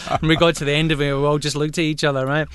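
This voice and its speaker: A man's voice: fairly high pitch, little pitch movement, very fast, fairly bright tone, clean tone, no room sound, studio quality. A man with a Scottish accent, an actor co-hosting a podcast, telling stories in an easygoing, reflective way. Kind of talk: casual chat.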